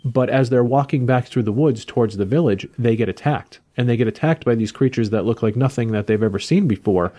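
A man's voice: medium pitch, a little mellow. A man casually recapping a comic book plot in a rambling way, with frequent restarts.

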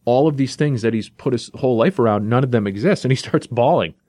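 A man hosting a comic book podcast, casually recapping a story in an animated way, often saying "you know" and "like.". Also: medium pitch, quick pace, no room sound, studio quality.

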